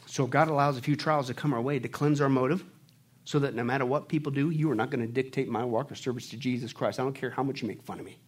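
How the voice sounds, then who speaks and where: A man's voice: mid-range voice, fairly even intonation, fast. A male pastor preaching a sermon emphatically, calling on his congregation to respond. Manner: emphatic, calls on the congregation to answer.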